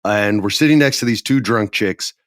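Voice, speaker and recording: A man's voice: lowish voice, normal speed, no room sound, studio quality. A man telling a funny story in casual podcast chat, acting out the people in it. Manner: animated, acts out quoted voices.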